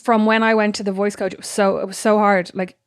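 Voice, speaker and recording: A woman's voice: mid-range voice, flat delivery, fast, clear, resonant tone, no echo, clean studio sound. A young woman co-hosting a podcast, chatting casually with playful, teasing banter. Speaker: podcast co-host. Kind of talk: casual chat.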